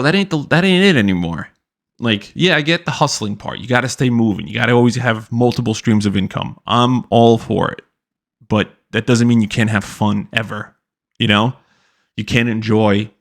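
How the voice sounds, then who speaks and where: A young man hosting a podcast delivers a blunt, profane rant, swearing constantly and doing mocking impressions of people. His voice is on the low side, gravelly and a bit bright.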